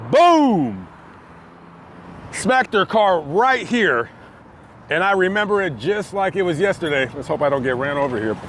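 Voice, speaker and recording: A man vlogging outdoors by a busy street, telling a story with lively acted-out quotes. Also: high-pitched. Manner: animated storytelling, acting out quotes. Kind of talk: storytime vlog told on location. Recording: faint street noise outdoors. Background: passing traffic.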